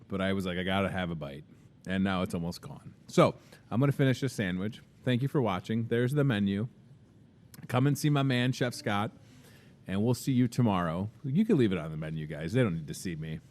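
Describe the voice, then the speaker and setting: A man hosting a live local morning show from a grocery store, talking casually and upbeat into a handheld microphone, with asides to the crew. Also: lowish voice.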